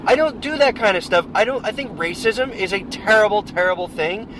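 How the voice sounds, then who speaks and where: A man's voice: high voice, brisk. A man co-hosting a podcast, talking casually and emphatically in a car, rambling through his opinions. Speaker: podcast co-host. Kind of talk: casual chat. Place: inside a car on the road. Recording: loud road noise in a car.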